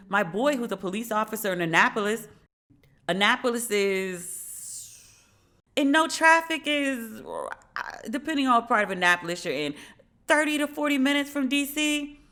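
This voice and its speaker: A woman in her forties hosting a podcast, telling a story in a casual, profane, animated way and shrieking when she reenacts moments. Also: on the high side. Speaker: podcast host. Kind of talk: casual monologue.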